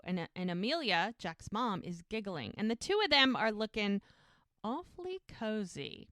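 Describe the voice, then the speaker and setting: A woman hosting a podcast, retelling scenes in a casual, animated way, acting out the characters' lines and laughing often. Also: medium pitch, a little slow, dry recording, studio quality. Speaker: podcast host. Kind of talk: casual episode recap.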